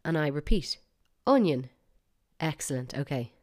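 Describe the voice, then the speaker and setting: A woman's voice: low voice, normal speed, clean tone. A woman with an Irish accent hosting a solo podcast, chatty and wry, with bursts of mock outrage. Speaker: podcast host.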